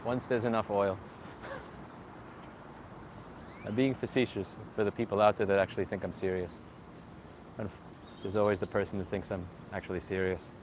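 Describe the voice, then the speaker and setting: A man's voice: on the low side, steady tone, normal speed, long pauses, background noise. A man talking casually and sarcastically while walking outdoors, ranting with profanity and dry jokes. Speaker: tech streamer.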